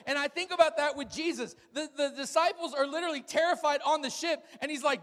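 A man with a fairly high voice delivers a sermon, telling stories with humor and lively animation. His words ring out with a long reverb, as if spoken in a large hall. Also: fast, hardly any pauses. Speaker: pastor.

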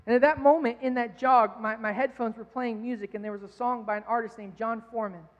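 A man's voice: very high-pitched, fairly even intonation, a little fast, few pauses. A man preaching a sermon as pastor, telling a personal story earnestly and with many restarts. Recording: dull sound in a hall with long reverb.

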